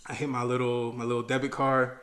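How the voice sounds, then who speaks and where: A young man from Maryland tells a personal finance story in loose, slangy, brisk speech with a level tone. Acting out old arguments, he jumps up in pitch and volume when worked up, then drops low and quiet at the heavy moments.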